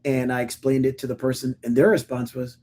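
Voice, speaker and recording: Middle-aged man telling stories, dark voice. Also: mid-range voice, fairly quick. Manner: animated storytelling with acted-out quotes; stammering restarts. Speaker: podcast co-host. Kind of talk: casual conversation.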